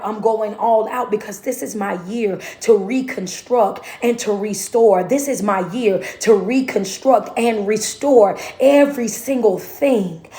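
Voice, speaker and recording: A woman's voice: a little high, dark tone, roomy sound. A woman motivational speaker and life coach, giving a preachy, folksy talk that repeats and chants phrases and calls listeners "baby" and "y'all". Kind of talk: motivational live-stream talk.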